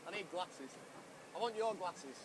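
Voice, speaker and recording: A man's voice: high-pitched, expressive, unhurried, a little hiss or hum. A young man reading a picture book aloud to children, playful and asking them questions, laughing at his own slips. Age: young adult. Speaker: guest reader at a children's event.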